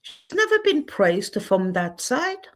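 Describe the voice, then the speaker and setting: A woman's voice: a little high, very animated, slow pace. A woman hosting her own channel in a candid livestream monologue, speaking bluntly and getting heated and indignant about what she sees. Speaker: channel host.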